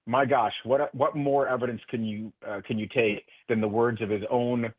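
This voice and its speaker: A political guest speaks at a moderate pace in a mid-range voice with fairly even intonation, passionate and earnest yet restarting many times. He's on a radio interview by phone, the line tinny, with no room sound.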